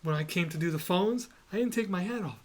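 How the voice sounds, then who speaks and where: A man in his thirties hosting a podcast, telling stories in relaxed, easygoing banter. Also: high-pitched, fairly quick, a loud crowd. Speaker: podcast host. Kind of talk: casual chat.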